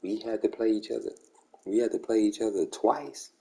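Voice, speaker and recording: A man's voice: lowish voice, moderate pace, vocal fry, warm tone. A man chatting casually with friends during an online game league, slangy and repetitive. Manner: slangy, repeats "bro" and "come on".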